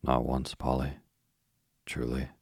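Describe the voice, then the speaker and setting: A man's voice: extremely low pitch, completely flat delivery, slow pace, breathy edge, dry recording, studio quality, exaggerated voice. A man voicing a small, dreamy little girl in a storybook reading, in an earnest, wondering way.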